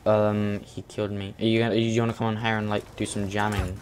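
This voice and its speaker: A young man giving casual commentary while playing an online shooter, excitable and breaking into sudden shouts. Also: on the low side, brisk, hardly any pauses, smooth. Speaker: gamer.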